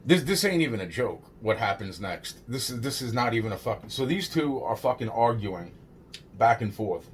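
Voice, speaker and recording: A man's voice: medium pitch, very animated, normal speed, slight background noise. A man telling a personal story in a rambling, casual way, swearing heavily and restarting his sentences.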